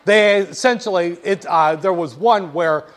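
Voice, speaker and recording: A man's voice: high voice, a little slow. A man lecturing a class, playful and teasing, talking straight to the students.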